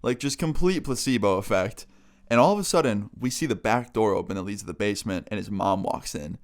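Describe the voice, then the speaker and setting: A man's voice: on the low side, expressive, brisk. A young man vlogger telling a funny story in a casual, laughing, swear-filled way.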